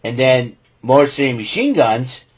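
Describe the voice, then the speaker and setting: A man's voice: medium pitch, sing-song, moderate pace, husky. A man hosting a podcast, giving a rambling casual recap with lots of fillers and restarts and blunt opinions. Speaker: podcast host recapping wrestling.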